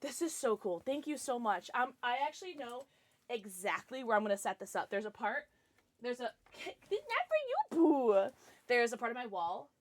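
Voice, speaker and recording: Speaking a little high and briskly, a young female streamer keeps up excited, casual livestream chat with her audience, occasionally breaking into baby talk for her dog.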